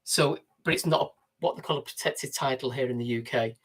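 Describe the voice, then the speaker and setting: A man with a Manchester accent, his voice slightly husky. He chats casually on a live stream from a narrowboat, reading out viewer questions and answering them. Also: medium pitch, fairly quick, fairly bright tone. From Manchester, England. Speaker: co-host. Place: narrowboat cabin.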